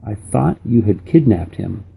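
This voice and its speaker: Earnest young girl heroine, read by a man, plain delivery, dark and husky. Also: lowish voice, expressive, a little slow, full character voice.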